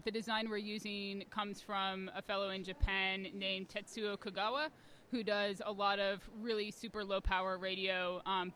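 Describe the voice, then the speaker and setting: A woman being interviewed at a conference, explaining things clearly with frequent ums. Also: medium pitch, pushed and bright, slight background noise. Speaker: guest, community radio organizer.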